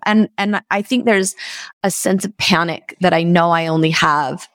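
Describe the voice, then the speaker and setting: A woman's voice: fairly low pitch, moderate pace, no echo. A woman hosting a podcast, a mother talking eagerly and animatedly about her son. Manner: enthusiastic, rambling, animated retelling. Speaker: podcast host. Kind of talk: podcast interview.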